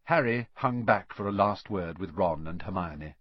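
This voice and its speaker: Man narrating an audiobook with lively phrasing. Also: deep voice, normal speed, no room sound. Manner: expressive storytelling with lively phrasing. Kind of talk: scripted narration. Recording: dry, slightly dull studio audio.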